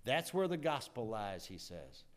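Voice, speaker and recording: A male pastor preaching a sermon, swinging dramatically from loud declarations to hushed asides. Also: medium pitch, very animated, measured pace.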